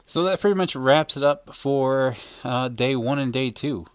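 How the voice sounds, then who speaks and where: A man's voice: mid-range voice, a little slow, a little hiss or hum. A man casually narrating a voice-over for his vlog, rambling with many fillers and laughing as he goes. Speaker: vlogger.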